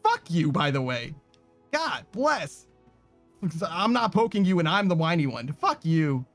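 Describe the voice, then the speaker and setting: A man's voice: on the high side, animated, moderate pace, dry recording, faint music behind. A man giving casual, profane, sarcastic commentary while playing a video game. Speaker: gaming streamer.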